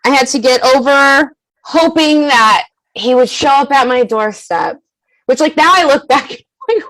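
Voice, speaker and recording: A high-pitched woman whose voice swings widely up and down as she talks. She speaks candidly as a podcast guest, animated and emphatic, swearing freely and laughing often. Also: unhurried, poor audio.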